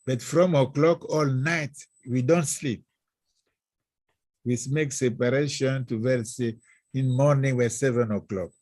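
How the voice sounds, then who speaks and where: Husky man, halting speech. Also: mid-range voice, dry recording. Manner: halting, searching for English words, animated storytelling. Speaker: guest scholar. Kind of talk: reminiscing interview talk.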